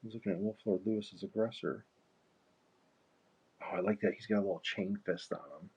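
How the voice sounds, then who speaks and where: A man's voice: lowish voice, steady tone, fairly quick, vocal fry, a little mellow, slightly rough. Easygoing man chatting on a stream. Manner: rambling, easygoing, laughs often. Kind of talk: casual chat while painting. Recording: muffled lo-fi stream mic.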